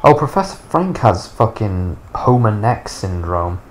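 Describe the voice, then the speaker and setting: Thirtysomething guy moaning about a game, sarcastic and sweary, kinda low voice. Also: sing-song, unhurried, faint music behind. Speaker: gaming YouTuber. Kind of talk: casual gameplay commentary.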